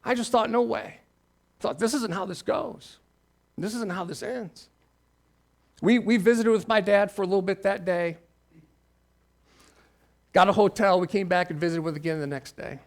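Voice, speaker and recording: Man, pastor, sermon storytelling, fairly high voice, hushed and intimate. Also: creaky. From Ohio. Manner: quiet, intimate storytelling that swells when stirred.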